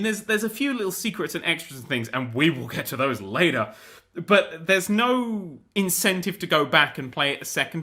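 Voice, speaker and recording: A young man hosting a gaming show, ranting in a casual, animated, sweary, exasperated way. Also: on the high side. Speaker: gaming host. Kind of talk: casual rant about a video game.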